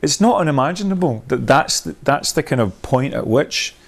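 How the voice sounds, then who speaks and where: A man's voice: fairly high pitch, animated, moderate pace, vocal fry. A man leading a workshop, thinking aloud in a rambling, discursive way, with many restarts, and laughing at his own points. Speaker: workshop leader.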